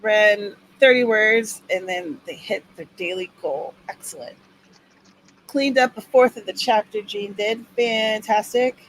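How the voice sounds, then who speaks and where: A woman's voice: mid-range voice, unhurried, a little hiss or hum, rough recording. A woman hosting a writing-sprint livestream in casual chat, upbeat and cheering viewers on by name.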